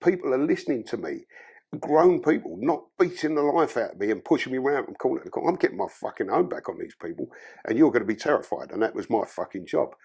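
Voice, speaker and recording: A man's voice: mid-range voice, sing-song, quick pace, vocal fry, darkish tone, breathy edge. A man from London with a London accent, a podcast guest telling his life story in blunt, profane, casual talk.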